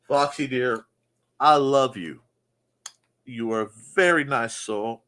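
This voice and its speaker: A man's voice: mid-range voice, slow pace, fairly bright tone. A man hosting a casual morning chat show, joking and riffing on viewer comments in a goofy manner. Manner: goofy, jokey, mock-announcer asides.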